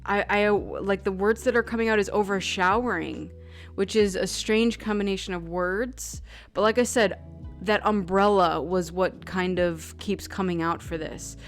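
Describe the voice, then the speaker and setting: Woman doing a tarot reading, slow and gushy, lots of "like", soft music behind. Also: mid-range voice. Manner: effusive and emotional, many "like" fillers. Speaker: tarot reader. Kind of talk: intuitive tarot reading vlog.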